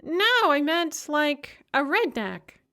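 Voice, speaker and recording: Brief: woman reader plays a high, whiny, condescending young woman in an audiobook, voice swooping all over. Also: sing-song, takes it slowly, bright, forceful tone, full character voice. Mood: scornful. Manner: condescending, complaining. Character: supercilious, self-absorbed young woman activist.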